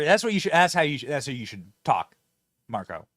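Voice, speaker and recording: High, animated sarcastic male host. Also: quick pace, dry recording, clean studio sound. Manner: mocking, sarcastic, laughs often. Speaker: political show host. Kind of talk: opinionated political commentary.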